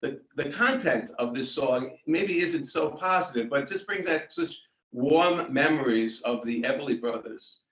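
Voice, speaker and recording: An older man, a performer at an online open mic, talking in a casual, unhurried, rambling way over a video call. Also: medium pitch, expressive, a bit bright, distant mic. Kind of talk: casual chat and joke telling. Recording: roomy, dull video-call audio.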